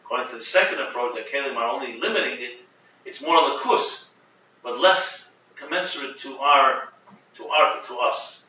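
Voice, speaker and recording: A man teaching a Chassidic text class, explaining with animated restarts and Hebrew terms. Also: mid-range voice, moderate pace, slight background noise. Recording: muffled, echoey room, from a distance.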